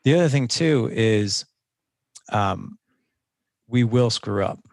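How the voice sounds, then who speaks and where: A man's voice: lowish voice, animated, slow pace, darkish tone, a little hiss or hum. A man speaking as a guest coach in a conversational interview, earnest and instructive, often restarting his sentences.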